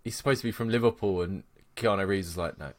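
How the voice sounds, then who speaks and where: A man hosting a podcast, chatting casually, excitable and swearing a lot. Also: lowish voice, fast. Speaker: podcast host. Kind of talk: casual chat.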